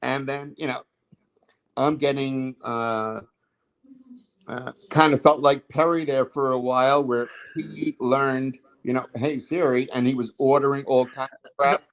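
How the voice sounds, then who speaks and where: A man's voice: mid-range voice, flat delivery, measured pace, rough recording. A man telling stories in a casual livestream chat, rambling with many fillers and restarts.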